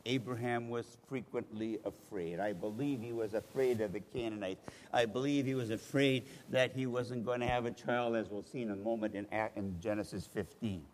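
A male pastor preaching a sermon, animated, acting out voices of the people he quotes. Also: on the low side, moderate pace. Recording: reverberant hall, faint noise.

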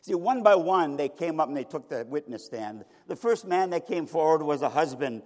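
Dramatic preacher in a ringing hall. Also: male voice, fairly high pitch, expressive, normal speed. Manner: dramatic storytelling with sharp swings of loudness. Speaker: pastor. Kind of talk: sermon. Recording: reverberant hall.

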